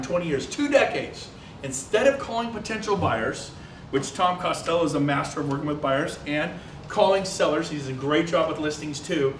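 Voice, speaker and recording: A man giving a live business presentation, energetic and quizzing the audience with quick questions. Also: a little high. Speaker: seminar presenter. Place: large event hall. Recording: echoey hall from far off, faint noise.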